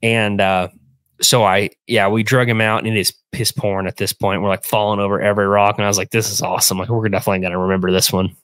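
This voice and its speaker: A young man casually retelling a hunting trip, animated and acting out the voices in a phone call. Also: lowish voice, fast talker, dry recording. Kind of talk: casual storytelling.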